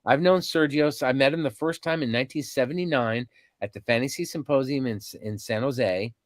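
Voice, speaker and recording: A man in his fifties tells stories as a podcast guest, animated and full of ums and restarts. His voice sits at a middle pitch. It sounds close and dry, with no room around it. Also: fairly quick, no echo. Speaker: podcast guest, convention organizer. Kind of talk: casual storytelling interview.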